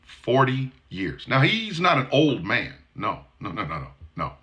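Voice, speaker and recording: A man's voice: mid-range voice, wildly swooping pitch, normal speed, bright, forceful tone. A Gen X man in his forties or fifties giving a blunt, sarcastic and profane commentary. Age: 40s to 50s. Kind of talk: commentary monologue.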